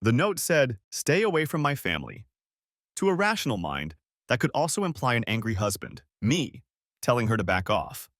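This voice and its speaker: A man narrating a first-person revenge story in a measured, wry storytelling manner, recorded close to the mic. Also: mid-range voice, huge pitch swings, fairly bright tone, dry recording.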